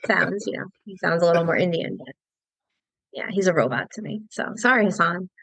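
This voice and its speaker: A woman's voice: on the low side, expressive, a little fast, gravelly, fairly bright tone, dry recording. A woman comedian chatting casually as a guest on a podcast, in a joking, teasing way.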